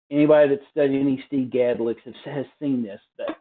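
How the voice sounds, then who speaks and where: A man giving a relaxed, casual drum lesson from a hotel room, explaining with fillers and restarts. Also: mid-range voice, a little fast, hardly any pauses, narrow, tinny audio, faint music behind. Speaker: drum teacher. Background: drum practice pad.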